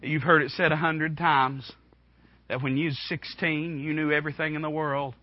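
A man in his twenties preaching a sermon in a church, impassioned, swinging from hushed tones to shouting. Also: fairly high pitch, flat delivery, normal speed, no room sound, lo-fi sound. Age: 20s. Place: church room.

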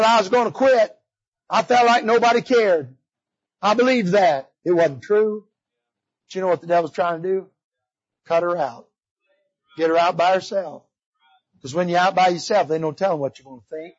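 A man preaching a revival sermon in church, swinging from loud emphasis to hushed pleading. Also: sits high, moderate pace, long pauses, lo-fi sound. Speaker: visiting preacher. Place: church sanctuary.

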